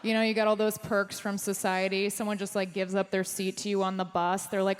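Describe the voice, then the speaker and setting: A woman's voice: brisk, smooth. Woman doing stand-up in a hall. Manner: deadpan punchlines, jumps high for quoted voices. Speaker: stand-up comedian. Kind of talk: stand-up comedy set. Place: theater stage before a live audience. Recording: live stage mic with hall reverb.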